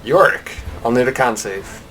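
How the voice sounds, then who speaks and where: A man's voice: medium pitch, normal speed, soft background music, poor audio. Laid-back male game master. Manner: relaxed, laughs often while describing action. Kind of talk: narrating a tabletop game.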